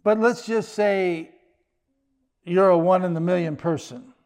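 A man's voice: high-pitched, measured pace, darkish tone. An older man preaching a sermon as pastor, in a conversational style with joking asides.

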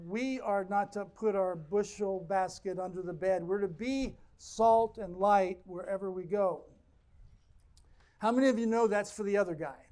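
High-voiced man preaching a sermon. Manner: animated preaching, mock-acting the congregation, chuckling asides. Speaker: pastor.

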